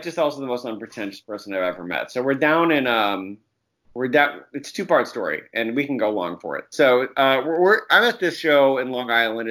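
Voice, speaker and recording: A man's voice: mid-range voice, fairly bright tone. Guy rambling through a funny story, swears a lot, acts out quotes, laughs, mid voice. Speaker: guest comics writer. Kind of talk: casual storytelling chat.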